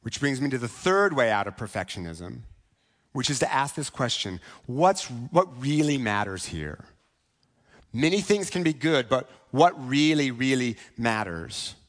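A man preaching a sermon in a conversational way, often asking "right?" and slowing down for key points. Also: mid-range voice, very animated. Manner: conversational, asks "right?" often, slows for emphasis. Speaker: pastor.

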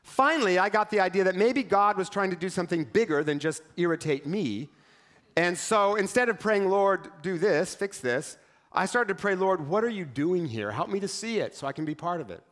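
A male pastor preaching a sermon in a conversational, wry storytelling manner with quick acted asides. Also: high voice, expressive, a bit bright.

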